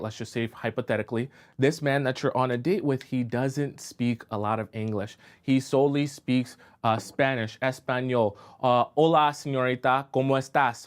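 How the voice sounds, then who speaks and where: Male dating coach host, casual explainer, mid-range voice, audience-focused. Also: mid-range voice. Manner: conversational, checks in with rhetorical questions. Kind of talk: live-stream advice talk.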